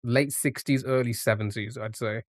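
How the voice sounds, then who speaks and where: A man livestreaming a guessing game thinks aloud in casual commentary, rambling with lots of restarts and fillers. His medium-pitched voice is fairly even at normal speed, recorded with studio quality and no room sound.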